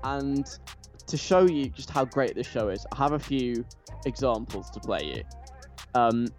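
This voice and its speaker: A man's voice: mid-range voice, lively intonation, unhurried, a little mellow. A man hosting a radio show, chatty and enthusiastic. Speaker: radio host. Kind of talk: casual radio chat. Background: faint music.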